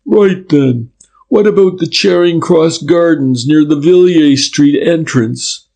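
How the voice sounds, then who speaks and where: A man's voice: a little high, takes it slowly, vocal fry, darkish tone, pitched above the performer's own voice, heavily acted. A man voicing a courteous but firm middle-aged detective inspector who presses politely. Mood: polite pressing.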